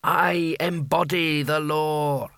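An ancient, menacing sorcerer speaks at a crawl, each word heavy with command, as a male narrator puts him on. His tone is strange and hollow next to the storyteller's own, pitched a little higher. The recording is dry and close. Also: steady tone, gravelly, a bit bright, no room sound, full character voice. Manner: slow, measured, commanding.

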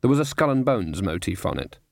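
A man narrating a comic fantasy audiobook in a wry, even delivery. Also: deep voice, fairly quick, gravelly, no echo, clean studio sound. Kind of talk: storybook narration.

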